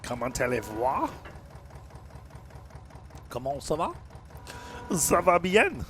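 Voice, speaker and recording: A man's voice: on the high side, huge pitch swings, slow pace, a bit bright, a little hiss or hum, pitched above the performer's own voice, full character voice. A man putting on an exaggerated, theatrical mock French accent in a game video. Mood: playful.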